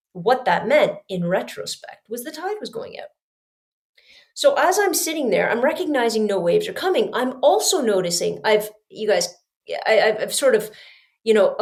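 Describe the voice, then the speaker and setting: A woman hosting a podcast, telling a story in a chatty, animated way and talking straight to her listeners. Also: medium pitch. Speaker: podcast host. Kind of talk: storytelling monologue.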